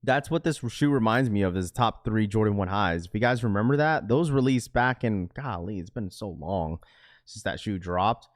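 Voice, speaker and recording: A man's voice: lowish voice, moderate pace. Young male streamer, loose and rambling, talking straight to his chat. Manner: rambling, talks to chat, reads comments aloud. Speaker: livestream host. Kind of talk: casual livestream chat with viewers.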